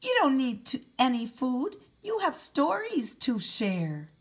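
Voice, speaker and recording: A woman voicing a small, kind storybook mouse with a squeaky voice. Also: wildly swooping pitch, takes it slowly, slightly rough, full character voice. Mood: reassuring.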